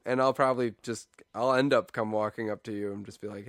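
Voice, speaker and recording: Rambling male podcast co-host, clear voice. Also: fairly low pitch, fairly even intonation, fast talker, a bit bright, no echo. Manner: rambling, full of fillers, playful. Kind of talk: casual joking podcast chat.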